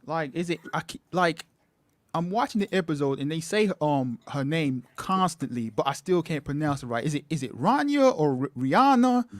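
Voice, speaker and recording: A man's voice: fairly high pitch, normal speed, no room sound. A man joining a casual chat as a guest, talking hesitantly with frequent restarts.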